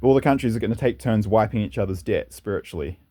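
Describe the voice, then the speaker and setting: A man's voice: on the low side, fast, warm tone. A man hosting his own channel, talking through his views in a rambling, earnest monologue. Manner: rambling, earnest, with some laughter. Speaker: channel host. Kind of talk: casual opinionated monologue.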